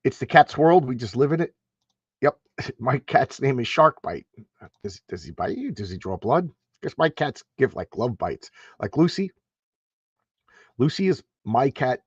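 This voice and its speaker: A man's voice: mid-range voice, big pitch swings, measured pace, long pauses, husky, no room sound, lo-fi sound. Rambling man chatting on a live stream. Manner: rambling, stammers and repeats words. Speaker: host. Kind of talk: casual live-stream chat.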